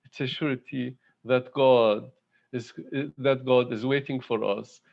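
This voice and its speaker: A man giving a devotional talk at an online spiritual gathering, speaking in a halting, heartfelt way with many pauses and fillers. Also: mid-range voice, fairly even intonation, creaky, muffled recording. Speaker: satsang speaker. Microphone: video call.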